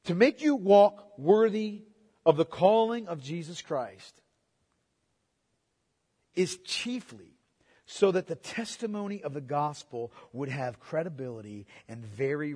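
A man preaching a sermon with emphatic delivery. He repeats key words and moves between loud proclamation and quiet, intimate asides. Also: a little high, lively intonation, measured pace, slightly rough. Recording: long hall reverb.

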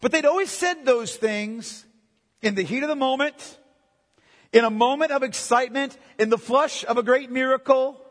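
High-voiced preacher in a reverberant hall. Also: male voice, moderate pace. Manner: emphatic preaching, swings from loud to hushed. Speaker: pastor. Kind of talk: sermon.

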